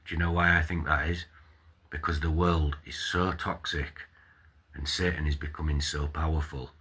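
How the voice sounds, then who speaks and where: Very deep, husky man ranting. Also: pushed and bright. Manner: ranting, swearing, chatty. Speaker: vlogger. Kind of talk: casual reaction commentary.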